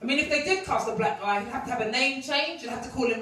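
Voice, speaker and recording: A woman's voice: high voice, fairly quick, hardly any pauses, crowd noise. Brash woman, echoey club stage. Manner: brash, mocking, punchy delivery. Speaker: stand-up comedian. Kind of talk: stand-up comedy set. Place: comedy club. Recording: echoey club recorded from far off. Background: audience laughter.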